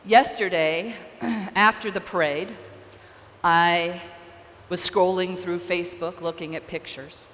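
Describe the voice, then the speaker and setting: A woman pastor delivers her sermon slowly and deliberately, letting each phrase settle. Her voice is bright and clear, and it rings out with a long echo in a church sanctuary. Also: on the low side, steady tone, slight background noise. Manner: storytelling, earnest, slow and deliberate.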